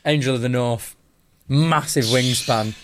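A man's voice: mid-range voice, unhurried, a bit bright, a little hiss or hum. A man from England co-hosting a casual football podcast, ranting animatedly and repeating himself for emphasis. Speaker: podcast co-host. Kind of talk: casual banter.

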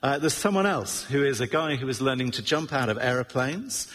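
A middle-aged man delivers a sermon in a slightly husky voice. His manner is chatty and self-deprecating, with wry asides. The long echo of a large church hall trails after each phrase. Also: medium pitch, animated, a little fast, fairly bright tone. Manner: conversational, with wry asides and many fillers. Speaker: preacher.

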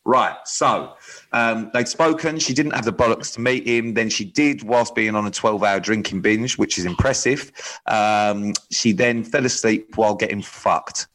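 A man's voice: on the low side, moderate pace, fairly bright tone, low-quality recording. Guy co-hosting a podcast, lots of ums, loose rambly chat. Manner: rambling with many ums, reads listener stories aloud. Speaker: podcast co-host.

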